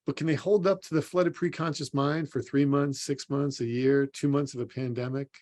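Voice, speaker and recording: A sports psychologist gives an earnest, direct motivational talk at a conference, speaking straight to the listener as "you." His voice is medium in pitch and somewhat dark, with a steady tone and moderate pace, recorded for an online symposium.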